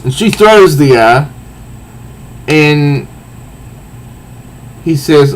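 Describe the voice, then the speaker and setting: A man casually reviewing a comic book, recounting panels in a halting way with repeated words. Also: mid-range voice, a little mellow, slight background noise, poor audio.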